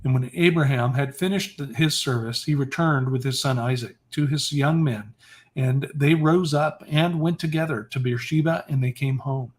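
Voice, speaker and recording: A man hosting a livestream who reads an old religious text aloud in a steady, measured way and sometimes corrects himself. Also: medium pitch. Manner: steady, measured reading with occasional self-corrections. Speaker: scripture reader. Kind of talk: reading scripture aloud on a livestream.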